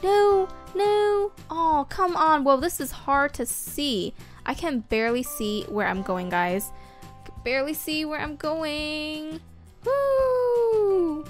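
A woman hosting a gaming video, giving excitable, casual commentary while she plays, with frequent squeals and whoops. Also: sits high, slow. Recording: faint game music behind.

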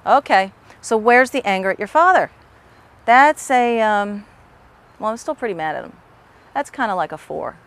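A woman's voice: mid-range voice, lively intonation, moderate pace. A woman teaching an emotional tapping technique, patiently repeating the practice phrases aloud as she demonstrates. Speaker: tapping instructor. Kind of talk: instructional demonstration.

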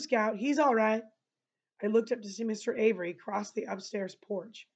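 A woman teacher reading a novel aloud and pausing to explain passages to her listeners. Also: medium pitch, darkish tone. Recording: dull lo-fi recording.

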